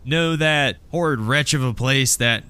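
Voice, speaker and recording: A man's voice: mid-range voice, measured pace, pushed and bright, smooth, pitched above the performer's own voice. A man voicing Amy, a brash gang leader. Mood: commanding. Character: brash female gang leader rallying her crew.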